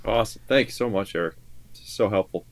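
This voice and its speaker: Low-ish guy co-hosting a music reaction stream, relaxed, lots of "like" and "you know". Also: quick pace. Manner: casual, relaxed, musing with fillers. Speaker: co-host and songwriter. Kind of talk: live reaction stream chat.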